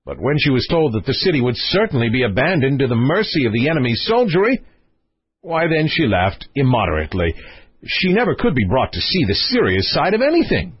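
A man narrating a fairy tale with a husky voice that swings widely in pitch as he tells the story. The recording is close and dry, with slightly muffled highs. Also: fairly quick, no echo. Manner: expressive, storytelling. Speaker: audiobook narrator.

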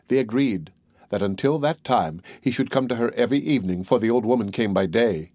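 A man narrating a fairy tale as an audiobook reader, in a measured, even reading. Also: medium pitch, no room sound, clean studio sound. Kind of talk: storybook narration.

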